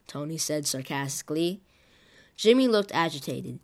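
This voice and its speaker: A woman reading a first-person story aloud, moving expressively between calm narration and lively speech. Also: low voice, normal speed.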